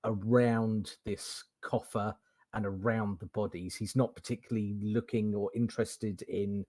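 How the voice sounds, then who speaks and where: Husky low-voiced man playing a tabletop game. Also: fairly even intonation, a little slow, darkish tone, no room sound. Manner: hesitant, repeats words, laughs while talking. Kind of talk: casual tabletop role-play chat.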